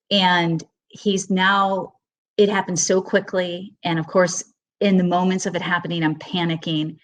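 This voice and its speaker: A middle-aged woman teaching horsemanship, telling a personal story in a webinar with earnest emotion and halting restarts. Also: on the low side.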